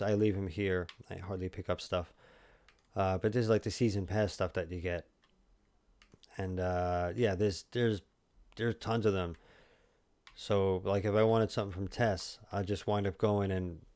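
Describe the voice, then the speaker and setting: A man in his thirties with a New York accent, chatting loosely to his stream viewers. His voice sits low and mellow, and it sounds close and dry with no room around it. He rambles and restarts his sentences often. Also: dry recording. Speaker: livestream host. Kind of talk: casual livestream chat.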